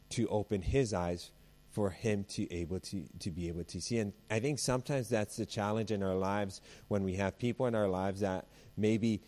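A man's voice: fairly low pitch, darkish tone. Conversational male pastor telling stories. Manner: conversational, mixes family anecdotes with scripture; acts out quoted voices. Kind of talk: sermon.

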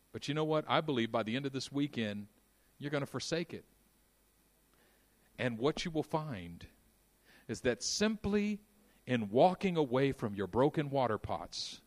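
A man preaching a sermon, moving between quiet intimate passages and loud, fervent stretches. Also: medium pitch. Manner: dynamic, swings from hushed to shouting.

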